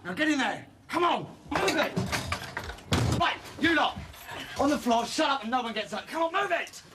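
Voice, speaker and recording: An actor playing a menacing robber who barks orders and sneers, in an old TV crime reconstruction. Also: male voice, extremely high pitch, animated, moderate pace, loud music behind the voice. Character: menacing male robber, thuggish and mocking.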